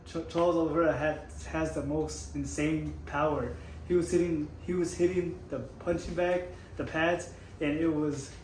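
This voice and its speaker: A man with a hoarse, strained voice, slightly higher-pitched than most, rushes through an excited story and keeps restarting his sentences. He is recorded in an echoey room with a faint hum of ambience behind him. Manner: rambling with frequent restarts, hyped. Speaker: YouTube MMA channel host.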